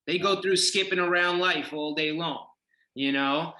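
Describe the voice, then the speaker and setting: A man's voice: a little high, a little slow, pushed and bright. A man hosting a podcast, talking enthusiastically in a rambling way and saying "like" a lot. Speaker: podcast host. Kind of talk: casual podcast chat. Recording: echoey room.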